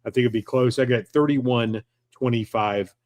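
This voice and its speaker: Podcast guy, jokey and irreverent, gets animated, dry close mic. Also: medium pitch, moderate pace, no room sound. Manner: animated, irreverent storytelling with jokes. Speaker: co-host. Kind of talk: casual sports podcast chat.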